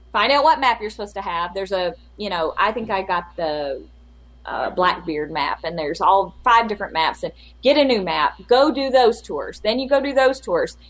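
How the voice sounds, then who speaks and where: A podcast co-host chats casually in a medium-pitched, slightly bright voice. She tells a rambling, exasperated story, acting out the lines she quotes in exaggerated voices.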